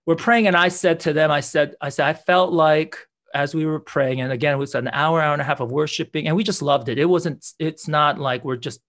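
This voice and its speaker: A man's voice: on the high side, steady tone, brisk, fairly bright tone. A man, a pastor, telling prayer testimonies in an earnest way, repeating words and acting out what people said. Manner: earnest, repeats words, acts out quoted dialogue. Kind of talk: testimony storytelling in conversation.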